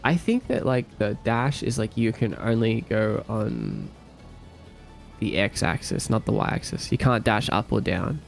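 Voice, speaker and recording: Gravelly-voiced Australian man chatting with his stream. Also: fairly low pitch, very animated, a little slow, faint music behind. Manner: playful and easygoing, answers chat with light joking. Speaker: livestreamer. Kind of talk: casual livestream chat, reading viewer comments aloud.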